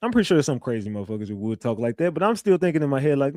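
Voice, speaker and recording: In studio-quality, dry audio, a livestream host speaks in an expressive, medium-pitched voice that races along with few pauses and sounds a little mellow. The man keeps it casual, loose and profane, repeating himself and reading out messages from viewers.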